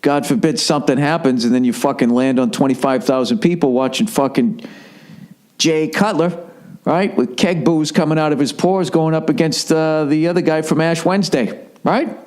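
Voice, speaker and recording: A man's voice: fairly high pitch, normal speed, darkish tone. A man hosting a podcast, telling a long story in a profane, rambling way. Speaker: podcast host. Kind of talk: casual podcast monologue.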